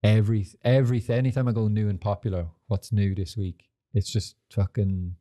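A young man with a low, mellow voice hosts a laid-back podcast. He rambles from story to story, swears freely and leans on fillers as he goes. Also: little pitch movement, moderate pace. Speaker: podcast host. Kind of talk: casual chat.

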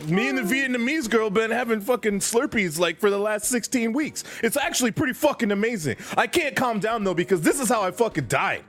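A man's voice: sits high, lively intonation, a little fast, hardly any pauses, fairly bright tone. A man voicing a profane, bossy ghost of an ex-convict who lectures a young robber. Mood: brash. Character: gruff male ghost ex-con convenience store regular.

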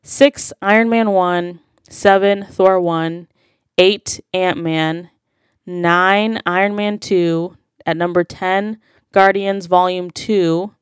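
A woman co-hosting a casual movie chat, telling jokes in a dry, deadpan way. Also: on the low side, slow, clean tone, no room sound. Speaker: podcast co-host.

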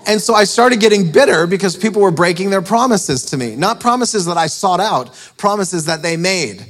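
A man's voice: high voice, lively intonation, normal speed, a bit bright. A man preaching a storytelling sermon, chatty and self-mocking, often laughing at his own story. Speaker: preacher and author.

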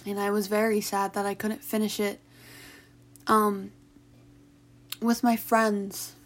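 Emotional young woman talking haltingly. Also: mid-range voice, little pitch movement. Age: young adult. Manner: halting, emotional, with sighs and restarts. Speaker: vlogger. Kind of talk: personal confessional talk.

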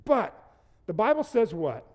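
A man's voice: high-pitched, sing-song, measured pace, a little mellow, in a large hall. A man preaching a livestreamed sermon, speaking conversationally, asking his online audience to answer and adding playful asides. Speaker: pastor. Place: large room with no live audience.

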